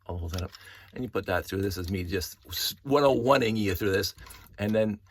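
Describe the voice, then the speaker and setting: A middle-aged man excitedly showing toy pieces from his collection, talking in a rambling way with many restarts and tangents. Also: on the low side, a little fast, slight background noise. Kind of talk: casual show-and-tell vlog.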